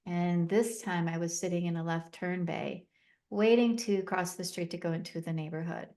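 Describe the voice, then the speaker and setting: A woman's voice: lowish voice, steady tone, moderate pace, warm tone. A middle-aged woman telling a personal story as a podcast guest, recounting events vividly and acting out the dialogue with emotion.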